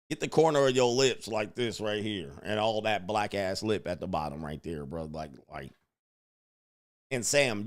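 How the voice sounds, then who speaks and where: A man's voice: mid-range voice, a bit bright. A man, a dating coach host, reacting to a video with mocking commentary and laughing asides.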